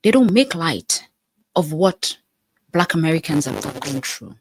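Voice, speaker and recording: A woman's voice: low-pitched, big pitch swings, measured pace, husky, no echo. A woman from Nigeria hosting a live stream, speaking earnestly and repeating phrases for emphasis as she answers viewer comments. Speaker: live-stream host, life coach.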